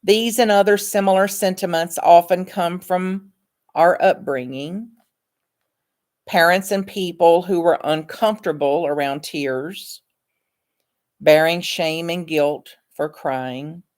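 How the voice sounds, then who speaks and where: A woman with a low voice reads from her own book at a slow, unhurried pace. Her delivery is calm, measured and earnest, like a counselor sharing her insights.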